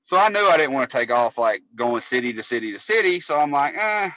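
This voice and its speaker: A man who works as a cable technician spins long, profane, meandering tales while co-hosting a casual podcast. His medium-pitched voice is sing-song, bright and forceful at a fairly quick pace, on a dry, low-quality recording.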